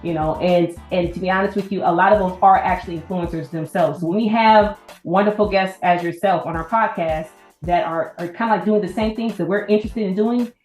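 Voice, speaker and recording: A woman's voice: lowish voice, brisk, few pauses, darkish tone, faint music behind. Enthusiastic woman host in a roomy space. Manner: enthusiastic, many "wow"s. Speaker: podcast host. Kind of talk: casual interview chat.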